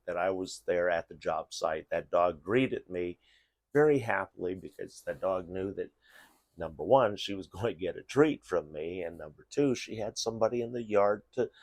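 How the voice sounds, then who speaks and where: A man's voice: low-pitched, lively intonation, moderate pace, darkish tone, no echo. A middle-aged man casually telling a rambling story while giving tips, with frequent restarts and fillers. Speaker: vlogger giving dog safety tips.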